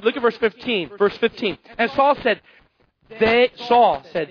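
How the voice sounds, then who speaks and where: High-voiced preacher, muffled recording. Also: male voice, moderate pace. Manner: animated, acts out Bible characters, repeats phrases. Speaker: pastor. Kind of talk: sermon.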